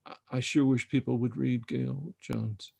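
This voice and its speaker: A man in his sixties speaks in a gravelly, mellow voice. He talks thoughtfully and haltingly, often pausing as he searches for words. It sounds like a book conversation held over a video call. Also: medium pitch, fairly even intonation. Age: 60s. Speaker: author discussing his novel.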